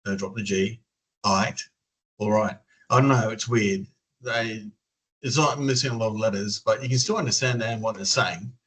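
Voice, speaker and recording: Australian man, lowish voice, rambling. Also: normal speed, fairly bright tone, rough recording. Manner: rambling, many fillers and restarts. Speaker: interviewee. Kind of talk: casual interview chat. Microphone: video call.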